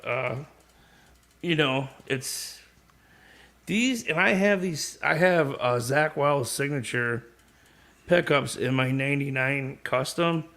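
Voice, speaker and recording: Man, bright tone, rambling casual talk, guitar gear chat. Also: mid-range voice. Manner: rambling and easygoing, casual swearing. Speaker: guest guitarist showing his guitars. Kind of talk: casual live-stream chat.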